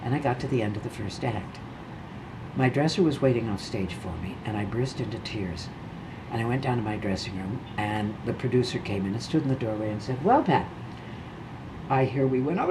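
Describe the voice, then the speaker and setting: A woman's voice: very deep voice, lively intonation, fairly quick, warm tone, a little hiss or hum, poor audio. An elderly woman in her eighties, a veteran stage actress, telling a backstage story in an interview and acting out the dialogue vividly. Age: 80s.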